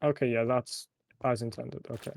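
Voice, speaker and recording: Mellow-voiced man explaining game rules. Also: medium pitch, flat delivery, normal speed, vocal fry. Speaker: fellow player. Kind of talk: casual gameplay chat.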